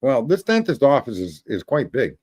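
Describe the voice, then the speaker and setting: Man, casual rant, rambling, swears freely, chuckles at his own jokes, plain mid-pitched voice. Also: huge pitch swings, normal speed, a little mellow. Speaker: show host.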